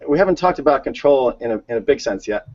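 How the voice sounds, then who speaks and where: A man co-hosting a relaxed talk show, chatting in an average pitch and circling back on his words. The sound is dull and lo-fi. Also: quick pace. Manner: chatty, storytelling, repeats words. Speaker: co-host. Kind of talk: casual conversation.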